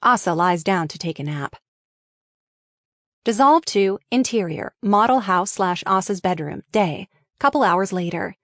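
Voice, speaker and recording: A woman reading a screenplay aloud, running through the stage directions briskly. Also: medium pitch, lively intonation, fairly bright tone, dry recording, studio quality. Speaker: reader.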